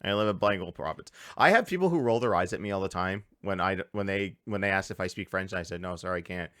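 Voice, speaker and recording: Man, from Canada, podcast host, casual swearing rants, lowish voice, dry recording. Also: fast, a bit bright, no room sound. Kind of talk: casual chat. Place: home.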